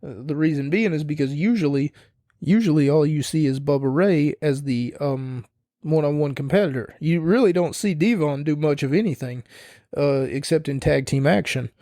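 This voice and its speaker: A man's voice: on the high side, normal speed, mellow, dry recording, studio quality. A young man hosting a podcast, rambling casually and opinionated, swearing now and then. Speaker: podcast host. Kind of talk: casual wrestling review monologue.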